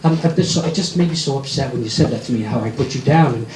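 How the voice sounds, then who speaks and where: A man's voice: medium pitch, quick pace, a little hiss or hum, voice pushed down, close to an everyday voice. A man voicing a furious, nagging middle-aged wife who shrieks insults on an answering machine. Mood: tearful apologetic. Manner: shrieking insults, then whimpering apologies. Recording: echoey club with loud audience laughter.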